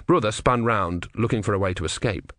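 A man's voice: fairly low pitch, fairly quick, a bit bright, no echo. A man narrating a comic fantasy audiobook with dry, wry delivery.

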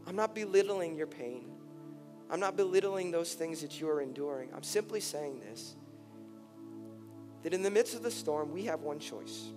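A middle-aged male pastor preaching a sermon, earnest and impassioned, his voice climbing high when he pleads. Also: lively intonation, normal speed. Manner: impassioned, rising to near-shouted pleas in emotional passages. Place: large church hall. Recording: reverberant church hall with soft music.

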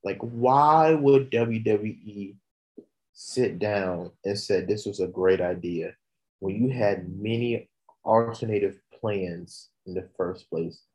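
A wrestling fan venting in a casual rant. The talk swings from high, excited outbursts to a low, frustrated grumble. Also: takes it slowly.

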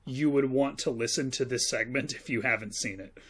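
A man's voice: mid-range voice, fairly quick, a bit bright, husky. A man co-hosting a film podcast, joking, swearing and laughing often. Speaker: podcast co-host. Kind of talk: casual film podcast chat.

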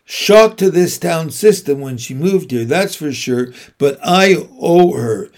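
A man's voice: a little high, animated, takes it slowly, a little mellow. A man reading aloud, voicing a grumpy, curt male librarian in a storybook. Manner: curt, grudging. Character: grumpy gruff male small-town librarian.

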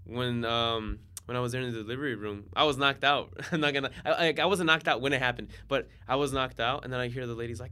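Young man in his twenties, bright forceful tone, relaxed chatty guest storyteller. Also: mid-range voice, fairly quick, clean tone. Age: 20s. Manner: laid-back storytelling, slangy and animated when excited. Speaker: guest, DJ and software engineer. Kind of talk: casual podcast chat.

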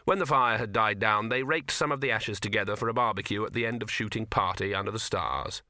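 A man narrating an audiobook in a measured storytelling manner, close to the mic. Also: fairly low pitch, bright, forceful tone, dry recording. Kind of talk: scripted narration.

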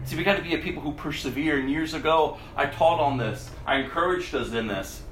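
A man preaching a sermon as pastor, animated, laughing often and mimicking whiny voices. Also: fairly high pitch, fairly quick, echoey room, slight background noise, rough recording.

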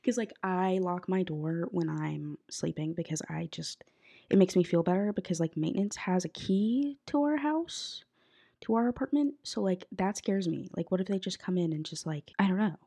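A woman's voice: lowish voice, moderate pace, vocal fry, warm tone, slightly rough. A young woman hosting a podcast, chatting casually with lots of fillers, a bit sick. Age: young adult. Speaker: podcast host. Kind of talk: casual chat. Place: college apartment bedroom.

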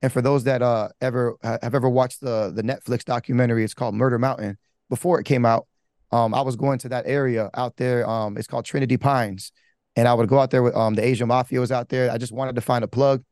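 A man gives his testimony as a pastor, candid and rambling, with casual slang, many fillers, and restarts. His mid-range voice has fairly even intonation and a darkish tone at a quick pace, in clean studio sound with no echo.

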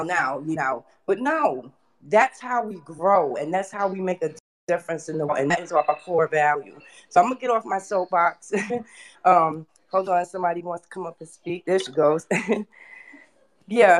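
Energetic woman hosting an audio chat. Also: fairly low pitch, normal speed. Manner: energetic, preachy, with frequent fillers and laughs. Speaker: host. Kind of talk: motivational talk on a live audio chat.

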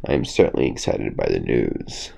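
A man voicing a calm, crafty, wise old rooster in a bedtime storybook. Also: deep voice, measured pace, gravelly, voice pushed up, exaggerated voice. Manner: calm, dry.

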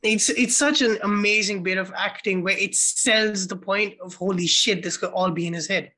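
A film podcast co-host with a bright, forward voice, talking casually and swearing freely. They retell scenes by acting out the characters' lines with enthusiasm. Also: mid-range voice, moderate pace.

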